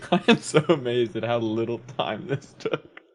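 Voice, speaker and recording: A man's voice: mid-range voice, big pitch swings, unhurried, a little hiss or hum. A young man chatting on a live game stream, teasing and giggling gleefully. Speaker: streamer friend. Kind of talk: casual game-stream chat.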